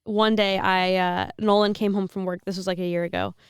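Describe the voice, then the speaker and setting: A woman's voice: medium pitch, level tone, a little fast, gravelly, clear, resonant tone, no echo, studio quality. A woman in her twenties, a seminarian co-hosting a podcast, chatting casually with frequent laughs and rambling restarts. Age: 20s.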